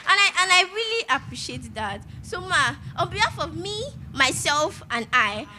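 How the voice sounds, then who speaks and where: A young woman with a Nigerian accent, a student giving a halting, emotional tribute speech, close to tears. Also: high voice, big pitch swings, pushed and bright, faint music behind. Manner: emotional and halting, with repeated restarts. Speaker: university student and fan.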